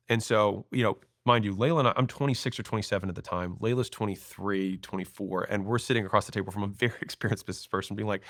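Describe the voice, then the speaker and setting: A man in his thirties, a podcast guest, telling stories and acting out quoted lines in an animated way. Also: fairly low pitch, fast, no room sound, studio quality. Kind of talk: storytelling interview talk.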